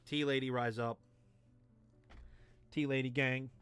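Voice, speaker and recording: A man's voice: mid-range voice, steady tone, a little slow, a bit bright, smooth, soft background music. A tipsy man streaming a game, rambling, self-mocking and crude as he talks to his chat. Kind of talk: drunken game commentary.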